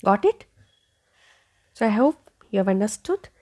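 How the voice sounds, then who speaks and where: A woman's voice: medium pitch, very animated, measured pace, a little mellow. A woman teaching English pronunciation, repeating each word several times and checking in with 'okay?'. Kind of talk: slow pronunciation lesson.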